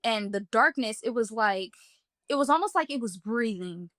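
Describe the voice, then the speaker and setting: A woman's voice: on the high side, animated, normal speed, fairly bright tone, no room sound, studio quality. A woman earnestly recounting a personal experience in vivid first-person detail, talking casually with many "like" fillers. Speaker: guest telling a personal testimony. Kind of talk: emotional first-person storytelling.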